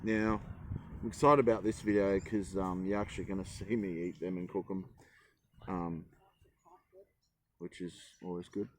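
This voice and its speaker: In a forest, a man cooks and talks to his vlog camera, wandering between topics and poking fun at himself. The delivery is low-pitched, flat, and moderately paced with frequent pauses, and there's a faint hiss or hum.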